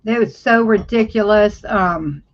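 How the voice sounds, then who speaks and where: A woman's voice: medium pitch, a little slow, highs cut off. A woman from America hosting a casual livestream chat, speaking hesitantly with many fillers and frequent laughs. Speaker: livestream host.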